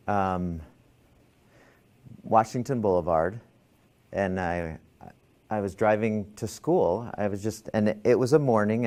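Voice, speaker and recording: A man teaching a class on stress, talking casually and telling a story with many restarts and fillers. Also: fairly low pitch. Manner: rambling, self-interrupting storyteller. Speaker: stress management instructor.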